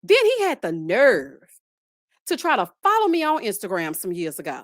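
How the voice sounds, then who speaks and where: A woman's voice: medium pitch, huge pitch swings, moderate pace, dry recording, studio quality. A woman, chatting casually and animatedly as host of a reality-TV recap, laughing often and calling listeners child and honey. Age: 30s.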